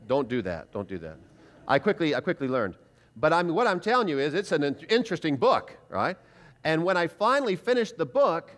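A middle-aged man gives a sermon-style testimony at a seminar. His voice sits a little high and swings widely as he tells the story and acts out what he once thought. The delivery is animated and conversational. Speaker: seminar preacher.

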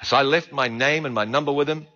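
A man with a New Zealand accent, a preacher telling his conversion story in an animated storytelling manner. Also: medium pitch, fast. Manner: animated, swings between hushed and loud. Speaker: preacher giving his testimony. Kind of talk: sermon storytelling. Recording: dull lo-fi recording.

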